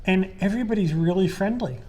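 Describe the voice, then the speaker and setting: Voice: medium pitch, fast, darkish tone. A podcast co-host in a casual panel chat, jumping in with short comments and asides.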